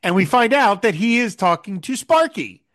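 A man's voice: high-pitched, moderate pace. A man hosting a casual podcast chat, recapping a TV episode and acting out the quoted lines with frequent laughs. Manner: animated, acts out quoted lines, laughs often. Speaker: podcast host.

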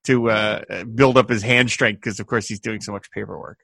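Guy hosting a movie commentary, bright voice, rambly and excited, dry sound. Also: fairly low pitch, normal speed, creaky, slightly rough, no echo. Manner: enthusiastic, rambling, laughs often. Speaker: podcast host. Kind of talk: casual film commentary chat.

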